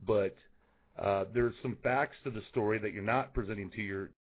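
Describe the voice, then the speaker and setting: A man's voice: on the low side, moderate pace, slight background noise. A man calling in to a radio show, hesitant and stammering as he makes his case. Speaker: radio caller. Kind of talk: call-in conversation. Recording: tinny phone line.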